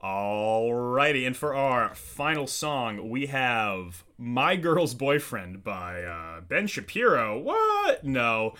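A man hosting a casual podcast, introducing songs and spinning deadpan, absurd tangents. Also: mid-range voice, slow, few pauses. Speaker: host.

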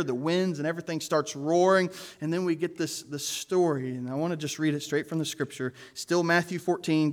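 A male pastor delivers an earnest sermon with a voice that sits a bit higher than most men's. He stresses key words emphatically and drops into casual asides to the church. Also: darkish tone.

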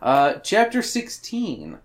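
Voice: mid-range voice, huge pitch swings, takes it slowly. A podcast host reading chapter summaries aloud in a casual book club chat, with crude and irreverent joking.

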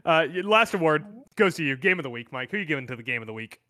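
Bright, forward male co-host, quick teasing banter, dry recording. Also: on the high side, animated, no echo. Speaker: podcast co-host. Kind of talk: casual sports chat.

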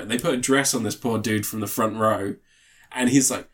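A man's voice: mid-range voice, a little fast. A man co-hosting a podcast, telling a story in casual chat, laughing often and swearing freely. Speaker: podcast co-host.

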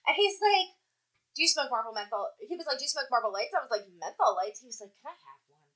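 A woman's voice: sits high, fast, poor audio. A woman casually telling a story about her job in a toll booth, swearing freely and acting out what people said. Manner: animated, profane, acts out quotes.

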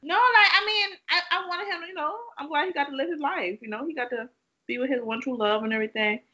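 A woman's voice: high voice, fast, pushed and bright. A woman joking around in a casual podcast chat. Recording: dull lo-fi podcast audio.

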